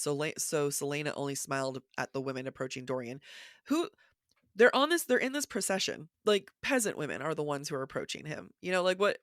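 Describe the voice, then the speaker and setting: A woman co-hosting a book podcast in casual chat, her voice raspy from just waking, animatedly quoting passages and thinking aloud. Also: low-pitched, no echo, clean studio sound. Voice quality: raspy morning voice. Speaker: podcast co-host. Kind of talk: casual literary discussion.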